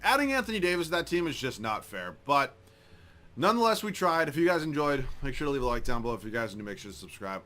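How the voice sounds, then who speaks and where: Excitable guy yelling at a video game, talks super fast, swears a lot, jokes about being bad at it. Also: medium pitch. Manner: swears often and jokes about his own skill. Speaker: gaming YouTuber. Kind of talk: live gameplay commentary.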